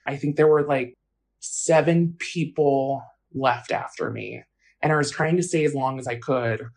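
A woman's voice: very deep voice, a little slow, darkish tone. A woman telling her own story in an interview, casual and blunt, with frequent fillers. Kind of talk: personal account in an interview.

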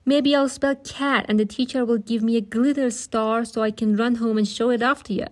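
Storybook figure: an opinionated, scornful middle-aged dad, read by a woman with a higher lift to her own voice. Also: fairly even intonation, normal speed, lightly acted. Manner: scornful, lecturing. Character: blustering opinionated middle-aged immigrant father.

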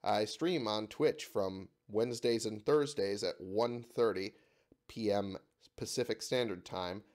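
Sick, cursing low-voiced gaming host. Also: male voice, measured pace, a little mellow. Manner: swears freely, exasperated at the game. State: sick, voice giving out. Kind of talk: let's-play commentary.

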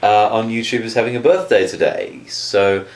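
A man's voice: on the low side, moderate pace. A man hosting his own video channel, talking in a chatty, hesitant way with frequent restarts as he makes announcements, recorded in a room at home. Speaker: YouTube channel host. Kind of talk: casual vlog announcement. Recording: roomy echo.

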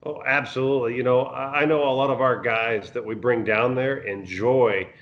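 A man being interviewed as a guest, talking in a relaxed, halting way with many fillers. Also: medium pitch, muffled recording. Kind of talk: casual interview chat.

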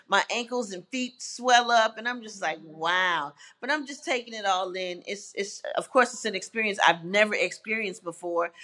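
A woman's voice: mid-range voice, bright, forceful tone. A woman guest talking candidly and bluntly, swearing and laughing as she goes. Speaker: interview guest. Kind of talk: casual, candid chat.

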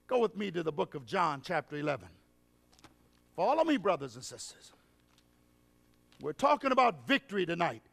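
A man preaching a revival sermon as an evangelist, with call-and-response questions to the congregation, drawn-out phrasing and bursts of shouting. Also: high voice, gravelly, big-room sound. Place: large revival hall.

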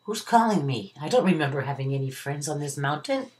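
Lady doing a growly old storybook wolf, cranky and hungry, kinda low. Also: animated, a little fast, a little mellow. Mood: hopeful. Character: hungry old male wolf, grumpy and scheming.

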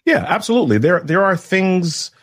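A man guesting on a podcast as a communication trainer, explaining things in a measured way with deliberate pauses. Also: sits high, big pitch swings, no room sound, clean studio sound. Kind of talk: instructive podcast conversation.

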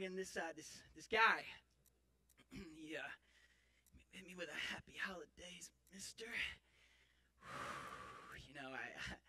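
On a church stage before a live audience, an actor in a Christmas skit plays a clumsy, boastful, injured young man in a comic monologue, using a full character voice. His voice is high and bright, swinging wildly up and down as he rambles, mocks himself and bursts out theatrically.

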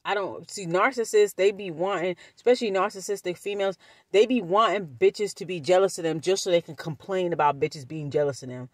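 A woman vlogger telling a storytime, talking bluntly and profanely with animated energy. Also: lowish voice, brisk, dry recording. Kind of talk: storytime vlog.

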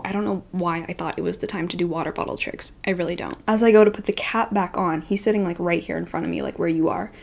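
A woman in her twenties, a book vlogger, telling a story to camera in a casual, animated, self-deprecating way, with frequent "like"s. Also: on the low side, gravelly.

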